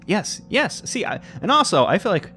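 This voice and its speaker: A young man reading a text game aloud with playful commentary, jumping between squeaky high and low reading voices. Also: sing-song, normal speed, pushed and bright, soft background music.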